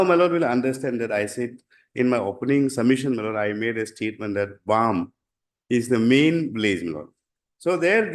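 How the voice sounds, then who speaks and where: A man with an Indian English accent presents a formal courtroom submission to the bench. His voice sits at an ordinary middle pitch, and his delivery halts often, padded with fillers. He defers to the judge constantly, repeating "my lord.". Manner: halting, deferential, repeats 'my lord' constantly. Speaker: litigant arguing his case in court.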